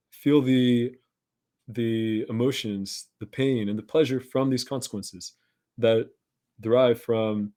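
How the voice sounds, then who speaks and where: On his podcast, a man with a dark-toned, mid-range voice delivers a self-help monologue to his listeners, coaching them in an earnest, encouraging way.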